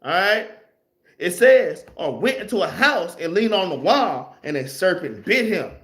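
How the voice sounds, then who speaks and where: A man's voice: sits high, very animated, measured pace, fairly bright tone. A man teaches a casual Bible class, reading verses aloud and explaining them in a loose, conversational way that keeps ending phrases with "man.". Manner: reads scripture aloud, then explains it.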